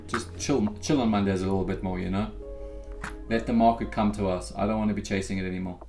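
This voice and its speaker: A man's voice: fairly low pitch, fast talker, faint music behind. Laid-back man talking through live trades. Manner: relaxed, chatty, addresses viewers as guys. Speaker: futures day-trading livestream host. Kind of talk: casual live trading commentary.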